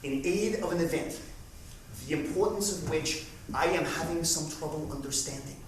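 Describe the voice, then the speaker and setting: An actor on stage playing a flustered, harried man caught in family squabbles, talking in a rapid, exasperated rush that stumbles over its own words. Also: on the high side, a little hiss or hum, close to an everyday voice. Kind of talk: theatrical monologue. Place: theatre stage. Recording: echoey stage from far off.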